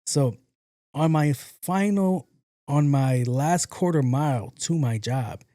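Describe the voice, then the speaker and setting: A man tells a story on his podcast in a loose, conversational way and acts out other people's lines with some swearing. His voice is warm and mellow. The recording is dry and close, with no room sound. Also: fairly high pitch, slow pace, no echo. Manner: animated, acts out quotes, profane. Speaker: podcast host. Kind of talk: casual storytelling monologue.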